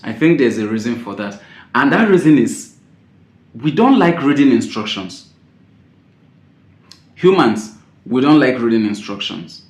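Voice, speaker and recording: A man giving a spoken tips lesson as an exam-prep teacher, repeating his key points and stressing words with sudden loud jumps. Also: mid-range voice, very animated, a little slow, pauses often. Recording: roomy echo.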